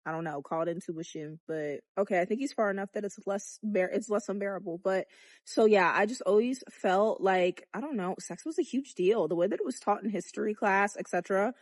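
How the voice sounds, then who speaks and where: A woman's voice: mid-range voice, a little fast, dry recording. A young adult woman filming a candid vlog outdoors, talking bluntly with lots of swearing and jokes. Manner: profane, blunt and joking. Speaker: vlogger. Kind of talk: candid chatty sex-education vlog.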